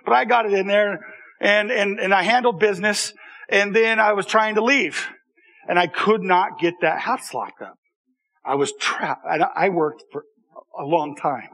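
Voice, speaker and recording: A man telling a personal story to an audience in a lively, conversational way, often checking in with the listeners. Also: sits high, moderate pace. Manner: animated, conversational, with repeated restarts and audience asides. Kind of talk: storytelling talk.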